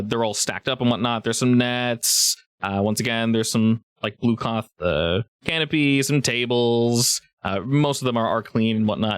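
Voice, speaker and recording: A man narrating a tabletop game as game master, relaxed and rambling with many fillers. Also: fairly low pitch, no room sound, studio quality.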